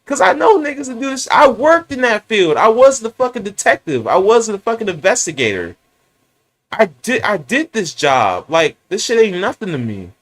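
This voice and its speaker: A man's voice: sits high, moderate pace. A young man with a San Francisco Bay Area accent venting in a profane, rambling rant about his boss. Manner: animated, swearing, rambling rant.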